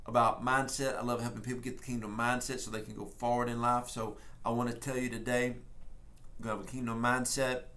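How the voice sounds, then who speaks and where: A man's voice: medium pitch, fairly bright tone. Folksy Texan man preaching. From Texas. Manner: folksy and emphatic, speeds up and slows down. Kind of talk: prophetic sermon, casual storytelling.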